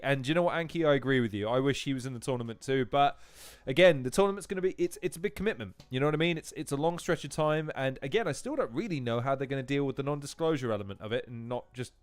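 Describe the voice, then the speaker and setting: A man hosting a livestream, giving relaxed, rambling commentary with restarts and the odd swear word. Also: fairly high pitch, no echo. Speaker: host reviewing battle rap. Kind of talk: casual commentary.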